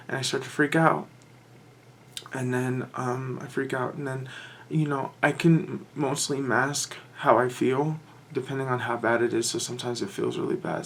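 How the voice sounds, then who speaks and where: Male vlogger, nervous and halting, flat delivery with a rough, creaky edge. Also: medium pitch. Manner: anxious, halting, with many restarts. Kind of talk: confessional vlog monologue.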